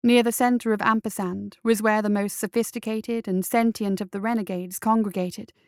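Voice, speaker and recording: Lady reading a fantasy story out, slow careful delivery, dry close sound. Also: medium pitch, fairly even intonation, no echo. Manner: measured, deliberate reading. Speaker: story reader. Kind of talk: scripted narration of a fantasy story.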